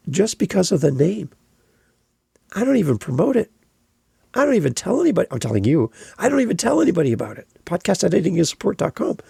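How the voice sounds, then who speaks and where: A man's voice: high-pitched, vocal fry, mellow, husky, no room sound, clean studio sound. A man hosting his own podcast alone, talking emphatically and repeating phrases for stress. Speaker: podcast host. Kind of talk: solo podcast monologue.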